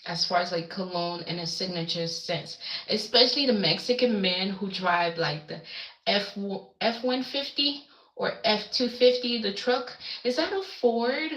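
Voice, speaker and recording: A woman's voice: mid-range voice, unhurried, fairly bright tone, echoey room, rough recording. A woman from the Caribbean islands chatting casually on a livestream, rambling and reacting to viewer comments. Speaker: livestream host. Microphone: webcam.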